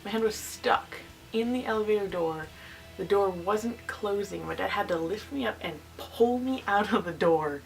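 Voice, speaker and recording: A woman's voice: mid-range voice, recorded from a distance, rough recording. A teenage girl vlogging, telling a childhood story in a rambling, giggly way with many fillers. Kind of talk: casual storytelling.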